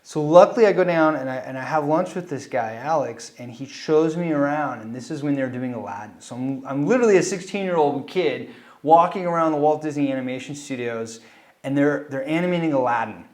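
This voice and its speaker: Middle-aged Californian man, casual interview storyteller, animated delivery that jumps into quoted voices. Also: a little high, a little fast. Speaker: animator and film director interviewee.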